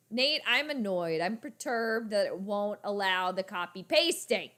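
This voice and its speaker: A woman hosting a casual sports livestream, talking chattily to her viewers in an animated way. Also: mid-range voice, unhurried, few pauses. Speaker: sports channel host.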